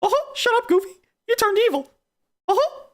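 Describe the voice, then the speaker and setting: A streamer voicing a squeaky, cheerful cartoon mouse in a high falsetto, pushy and chirpy, as a comedic impression. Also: lively intonation, a little fast. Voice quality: high falsetto, repeated "uh-huh".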